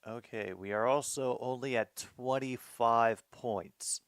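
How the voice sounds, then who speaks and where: Slow, muttering man watching a game. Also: medium pitch, no room sound, studio quality. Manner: muttering reactions to himself, relaxed and unhurried. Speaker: host watching and reacting to a football game. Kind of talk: casual live game-watching commentary.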